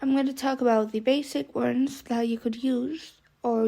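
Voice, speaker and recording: A woman's voice: high voice, a little slow, vocal fry, hardly any pauses, dark tone. A woman teaching English vocabulary, saying each word several times and spelling it out letter by letter. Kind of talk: vocabulary lesson, slow spelling drills.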